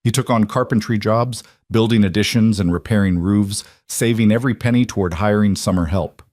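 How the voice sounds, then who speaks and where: Low-voiced male western story narrator. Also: fairly quick, a little mellow, no echo, clean studio sound.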